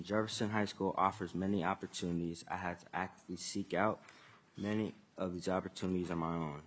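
A man's voice: sits low, a bit bright. A teenage boy, earnestly reading prepared testimony at a legislative hearing. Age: teens. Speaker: student testifier.

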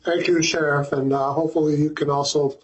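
A man's voice: fairly high pitch, flat delivery, brisk, dull audio. A man chairing a committee hearing, who calls witnesses courteously with many hesitant fillers.

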